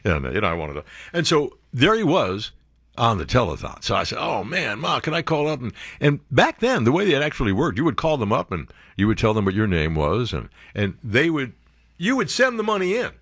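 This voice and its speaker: A man's voice: mid-range voice, wildly swooping pitch, a little fast, a bit bright, slightly rough, dry recording, clean studio sound. A man, a talk radio host telling a rambling story full of fillers. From the Bronx, New York.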